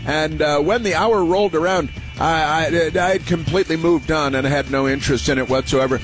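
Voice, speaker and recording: A man's voice: a little high, fairly quick, over music. A man hosting a call-in radio show, talking in a rambling, opinionated monologue full of fillers and repeated phrases. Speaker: radio talk show host.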